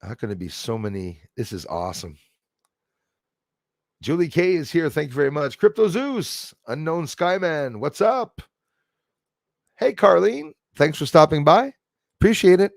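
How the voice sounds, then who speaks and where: A man's voice: on the high side, big pitch swings, unhurried, gravelly, pauses often, no echo, clean studio sound. A man, hosting a casual livestream, chatting along and thanking viewers by name. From Canada. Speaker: livestream host. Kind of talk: casual livestream chat, reading viewer comments.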